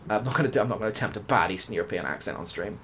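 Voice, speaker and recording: Over background noise, a young British ASMR gaming streamer races through a rambling story as he plays, swearing now and then. His voice is fairly low. It's soft-spoken, casual gameplay chat.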